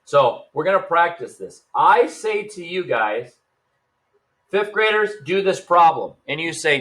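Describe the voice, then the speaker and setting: Guy teacher doing a math video for his class, chill and chatty, kinda high voice. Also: expressive, measured pace, fairly bright tone. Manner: casual, upbeat, talks straight to the students. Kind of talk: recorded math lesson for students.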